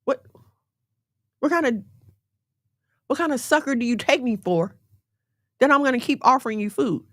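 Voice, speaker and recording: A woman preaching straight to her listeners, lively and direct, dropping slang between points about faith. Her voice sits a little high and sounds close and dry, with no room around it. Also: normal speed, no room sound. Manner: animated, direct, uses slang. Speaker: faith teacher. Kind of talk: conversational sermon.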